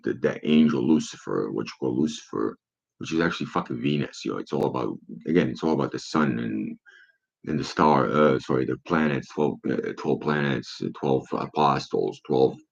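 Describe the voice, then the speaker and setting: Gravelly very deep-voiced man, rambling. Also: a little mellow. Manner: profane, rambling, rhetorical questions. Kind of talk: rambling monologue. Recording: dull lo-fi recording.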